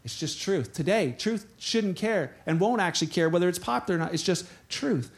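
A pastor preaching a sermon, telling scripture stories in an animated way and acting out the voices of the people in them. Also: male voice, high-pitched, a little fast.

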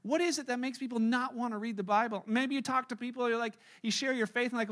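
A man's voice: very high voice, fast, hardly any pauses, a bit bright. A middle-aged man, a pastor, giving a casual, conversational sermon and acting out the voices of the people he quotes.

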